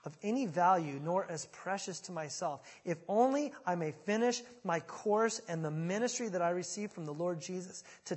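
A man preaching a sermon in a casual, conversational way, swinging from loud pleading to quiet, low asides. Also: husky. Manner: conversational, dramatic retelling with big swings in volume. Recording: reverberant hall.

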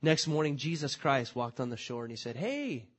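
A man's voice: medium pitch, steady tone, a little fast, fairly bright tone. A man preaching a sermon as pastor, impassioned and conversational, asking rhetorical questions.

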